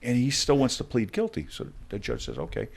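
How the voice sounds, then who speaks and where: A middle-aged man with a very low voice recounts his experiences as a podcast guest. He acts out the dialogue in lively turns, speaking in conversational bursts. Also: brisk, gravelly, husky. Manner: animated storyteller acting out dialogue. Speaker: guest, former hostage negotiator. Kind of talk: storytelling in a podcast interview.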